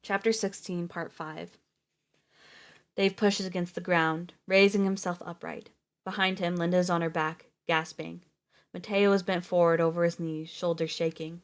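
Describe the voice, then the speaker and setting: A woman's voice: fairly low pitch, normal speed. Woman reading a novel aloud on stream. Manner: steady reading with small slips and restarts. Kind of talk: live book reading.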